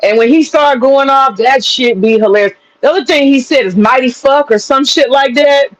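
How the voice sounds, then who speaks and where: A man's voice: very high-pitched, moderate pace, muffled recording. A man chats on a livestream panel in a loose, profane way. He laughs often and circles back on his own phrases. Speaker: streamer and panel host. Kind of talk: casual livestream panel chat.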